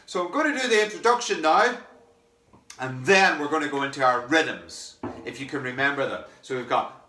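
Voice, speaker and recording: A man's voice: mid-range voice, lively intonation, moderate pace, noisy background. A man teaching a samba percussion lesson online, chanting the rhythm phrases and talking with fillers and restarts. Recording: echoey room, mic some distance away.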